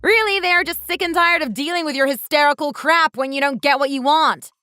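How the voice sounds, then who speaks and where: A woman's voice: high voice, a little fast, no room sound, clean studio sound, faint music behind. A woman voicing a sarcastic young wife who talks back bluntly to her mother-in-law in a texting-story drama. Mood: mocking. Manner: sharp, mocking, blunt.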